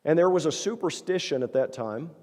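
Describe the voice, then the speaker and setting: A man's voice: on the high side, lively intonation, brisk, a little mellow. A male pastor preaching a sermon in a church, talking earnestly and conversationally and posing rhetorical questions to the congregation. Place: church sanctuary. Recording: long church-hall reverb.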